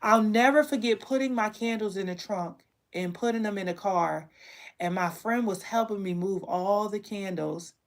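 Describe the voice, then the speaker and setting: A woman who makes candles and teaches online tells her own story to the camera, candid and emotional, often repeating herself. Her voice is mid-range and her pace moderate.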